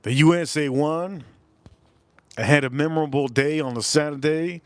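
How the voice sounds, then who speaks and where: A man's voice: fairly high pitch, normal speed, no room sound. A man hosting a live stream in a loose, repetitive, chatty way, calling out viewers' names one after another. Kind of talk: casual live stream chat.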